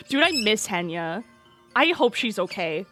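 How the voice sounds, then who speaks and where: A woman streamer chatting casually and with animation, slipping into high baby talk with her pet bird. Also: wildly swooping pitch, slow, loud music behind the voice.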